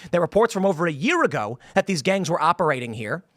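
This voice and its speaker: Man, podcast host, heated rant, fairly high voice, dry close sound. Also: very animated, fast talker, a bit bright, no echo. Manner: heated ranting, rising indignation. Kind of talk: political commentary show.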